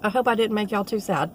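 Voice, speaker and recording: A woman's voice: mid-range voice, slight background noise. A middle-aged woman, a nursing assistant telling a rambling, heartfelt story in a casual vlog. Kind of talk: casual talking-to-camera vlog.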